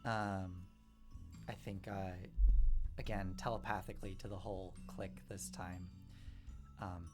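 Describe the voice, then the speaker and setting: A woman's voice: a bass voice, fairly even intonation, measured pace, pauses often, over music. A woman in a tabletop role-playing game, talking casually and hesitantly with many fillers and easy laughs. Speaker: player. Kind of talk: tabletop role-play chat.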